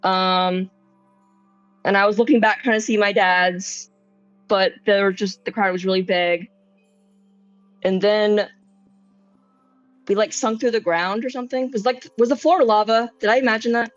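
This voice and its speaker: A woman's voice: mid-range voice, fairly even intonation, normal speed, long pauses, no room sound, muffled recording, faint music behind, close to an everyday voice. A woman voicing a nervous, rambling young man in a tabletop game, talking hesitantly with lots of fillers. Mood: wistful. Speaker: player. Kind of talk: tabletop role-play in character.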